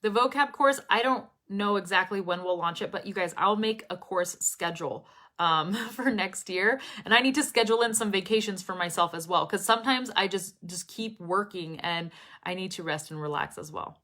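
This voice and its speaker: A young woman teaching English pronunciation, talking to her students in a live stream. She speaks very clearly and expressively and laughs often. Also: medium pitch, moderate pace, bright, forceful tone.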